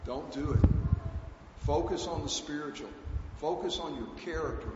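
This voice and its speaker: A man preaches in an earnest, emphatic way, hammering home points with repetition. His voice sits a little high for a man. The recording is dull and lo-fi, with roomy echo and faint hiss behind him. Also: moderate pace. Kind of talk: sermon. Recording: echoey hall, dull lo-fi sound, faint hiss.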